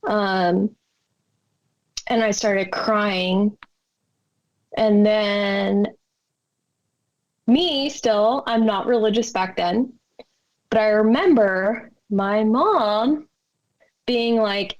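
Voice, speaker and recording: A woman's voice: mid-range voice, extremely slow, long pauses, dull audio. A woman as a podcast guest, telling a personal story with emotion and acting out the lines of people in it. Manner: emotional storytelling, acts out quotes.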